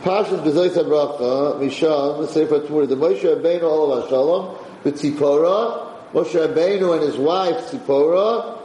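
A man giving a Torah class, lively and animated, often acting out the people he quotes. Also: fairly high pitch, moderate pace, hardly any pauses. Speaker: Torah teacher. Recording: roomy room echo, faint background hiss.

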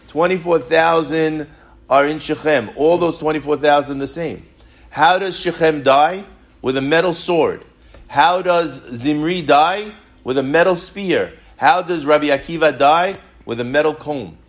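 Animated Torah teacher, man, slightly high voice. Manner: animated, full of rhetorical questions. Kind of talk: Torah class storytelling.

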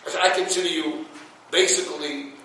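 A rabbi giving a Torah class to a room of listeners, telling stories with quoted dialogue and sprinkling in Yiddish words. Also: male voice, on the high side, fairly even intonation, a little fast, pushed and bright. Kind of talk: Torah class before a live audience. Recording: echoey room from a distance.

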